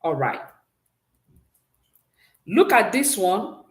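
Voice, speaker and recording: A woman's voice: mid-range voice, sing-song, extremely slow. A woman teaches a French exam-prep lesson with a mid-range voice, asking students to repeat words after her and praising each answer. She talks in a roomy, echoing space. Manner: patient, praises often, drills pronunciation with repeat-after-me prompts.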